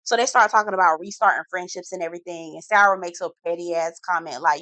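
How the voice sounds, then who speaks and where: A woman's voice: fairly low pitch, no room sound. A woman giving a blunt, slang-heavy reality TV recap, stretching out words for emphasis. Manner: sassy, slangy, blunt commentary; lively, drawn-out emphasis. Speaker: TV recap reviewer.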